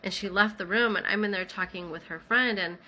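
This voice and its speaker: Bright-voiced woman telling a personal story. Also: mid-range voice, a little fast, slight background noise. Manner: conversational, many "like" fillers. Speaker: vlogger telling her own story. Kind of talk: casual first-person storytelling.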